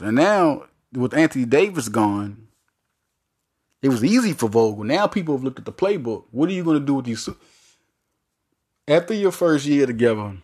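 A man hosting a solo sports podcast, talking in a rambling, animated way with many restarts and fillers. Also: medium pitch, breathy edge.

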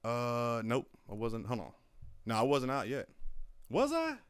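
A man's voice: medium pitch, wildly swooping pitch, a little slow, clear, resonant tone, no room sound, clean studio sound. A young man casually telling profane army stories and acting out his old drill sergeants. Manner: profane storytelling, acts out drill sergeants loudly. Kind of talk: casual chat.

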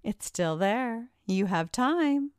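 A woman's voice: fairly high pitch, lively intonation, slow pace, a little mellow, clean tone, no echo, clean studio sound, pitched above the performer's own voice. A woman voicing a mocking, catty young woman in a story reading, teasing and gushing.

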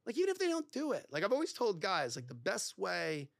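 Animated man, lively swooping voice. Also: sits high, brisk, vocal fry, no room sound, clean studio sound. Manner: animated storyteller who acts out quoted dialogue, heavy use of "like". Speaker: divorce lawyer, podcast guest. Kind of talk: candid podcast conversation.

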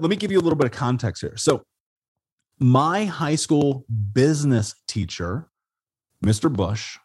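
A man from Indiana, an interview guest, telling his life story in a casual, animated way, swearing and calling people "dude" and "man". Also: on the high side, breathy edge, dry recording. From Indiana, USA.

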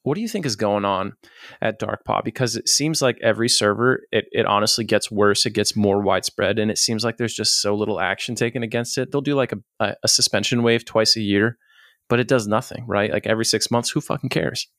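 Low-voiced man asking casual questions. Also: a bit bright, no echo, studio quality. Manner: quick, loose questions with casual swearing. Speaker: podcast host. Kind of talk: casual interview.

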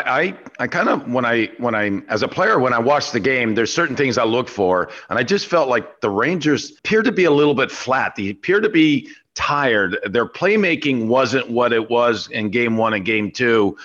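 A man's voice: medium pitch, a bit bright, muffled recording. A man who once played the game, analyzing it emphatically on a sports talk show, with some restarts. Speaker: former player turned analyst.

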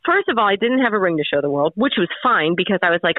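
This time the caller has a mid-range, sing-song voice and talks fast, with no room sound on the dry, tinny phone line. Speaking with a radio host, she rambles through a personal story, restarting often and leaning on fillers.

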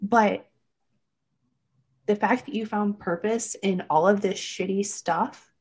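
A woman's voice: mid-range voice, steady tone, slow, a little mellow, slightly rough. A woman hosting a podcast, talking in a blunt, supportive way and swearing freely. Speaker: podcast host. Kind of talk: casual interview chat.

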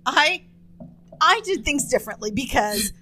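A woman in her fifties co-hosts a casual podcast, explaining things earnestly. Her voice sits a little high and moves through a lively range. She slips in dry, playful jabs between her explanations. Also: unhurried. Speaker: podcast co-host. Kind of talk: casual chat.

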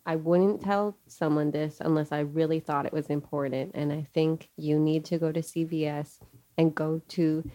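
A woman co-hosting a podcast in slow, deadpan comedic chat. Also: deep voice, no room sound. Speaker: podcast co-host.

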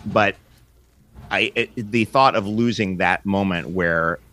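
Male podcast co-host, slightly low voice, excitable film buff in casual chat. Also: slow. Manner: enthusiastic, animated bursts.

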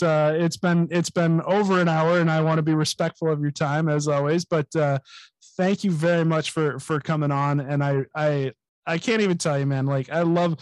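A man's voice: on the high side, dry recording. A man hosting a podcast over a remote call, enthusiastic, laughing often and repeating words as he talks. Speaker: podcast host. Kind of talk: casual podcast chat.

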